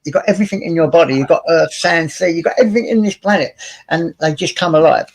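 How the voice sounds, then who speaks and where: A man's voice: fairly high pitch, fast. A man hosting a livestream, chatting casually and teasing his guests with blokey slang. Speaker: livestream host. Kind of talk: casual chat.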